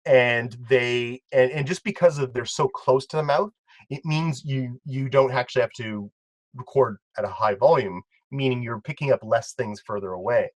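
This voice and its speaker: Man, casual commentary, excitable, rambling, mid-pitched, dry close sound. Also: normal speed, no room sound. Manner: rambling, excitable, many restarts. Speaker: co-host and video editor.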